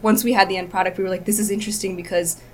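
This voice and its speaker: A woman's voice: mid-range voice, little pitch movement, slight background noise. A woman speaking as a podcast guest in casual chat, rambling and full of "like". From United States. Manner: fast, rambling, frequent "like".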